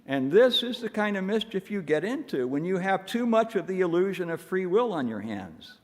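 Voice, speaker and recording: A man's voice: high voice, big pitch swings, normal speed. Wry, self-mocking male minister in a hall. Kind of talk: sermon. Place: church sanctuary. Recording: long hall reverb.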